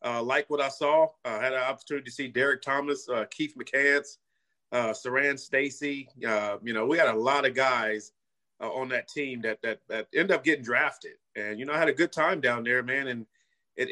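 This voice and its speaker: A man's voice: medium pitch, normal speed, bright, forceful tone. A middle-aged man from California, a former pro football player, telling his story as a guest in a casual interview, earnest and full of "you know" and "man.".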